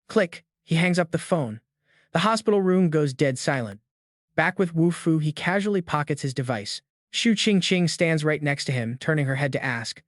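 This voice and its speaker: A man's voice: fairly high pitch, animated, normal speed, dry recording, clean studio sound. A man narrating a comic recap with punchy, emphatic storytelling.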